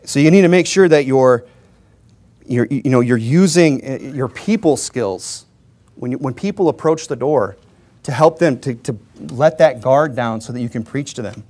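A man's voice: medium pitch, expressive, normal speed, darkish tone. A man preaching a conversational sermon to his congregation, informal and joking, chuckling often and pressing his points with emphatic rhetorical questions. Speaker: Baptist preacher.

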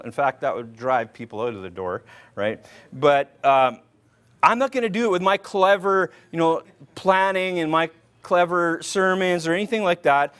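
A man's voice: fairly high pitch, fairly bright tone, smooth. Chatty preacher, a man with a lightly raised voice. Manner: informal, repeats "right?" often, restarts words; quotes King James scripture aloud. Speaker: pastor. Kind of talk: conversational sermon.

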